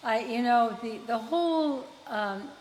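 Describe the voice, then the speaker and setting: A woman's voice: a little high, unhurried, a little mellow. A woman hosting a casual live chat, chatty and teasing. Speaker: host, performer. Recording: reverberant room with faint noise.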